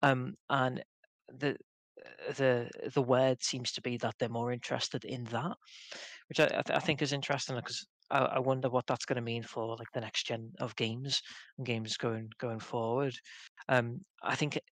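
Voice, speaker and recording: Male podcast co-host, mid pitch, dry studio sound, playful and stubborn. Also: level tone, normal speed, a bit bright, no echo. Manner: stubborn, playful banter with frequent laughs. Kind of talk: casual chat.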